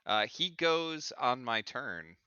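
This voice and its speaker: A man's voice: mid-range voice, sing-song, takes it slowly, bright, forceful tone, smooth, no room sound, muffled recording. A man playing in a tabletop game, speaking hesitantly and stumbling over words with lots of "uh" and "um". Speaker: player. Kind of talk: casual tabletop game talk.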